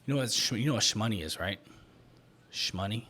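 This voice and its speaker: A young man hosting a casual solo podcast, rambling and joking, getting loud when he goofs around. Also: on the low side, expressive, brisk, breathy edge. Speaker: podcast host. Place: small home podcast room.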